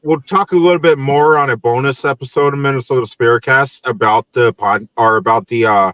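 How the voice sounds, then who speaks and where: A man's voice: medium pitch, steady tone, brisk, a bit bright, no room sound, highs cut off. A young adult man from Tennessee hosting a podcast in casual chat, easygoing, laughing often and using many fillers. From Nashville, Tennessee. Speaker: podcast host.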